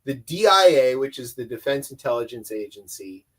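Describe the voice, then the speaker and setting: A medium-pitched man co-hosts a comedy news podcast, very animated at a moderate pace. He talks in a sarcastic, rambling way and does mocking voices.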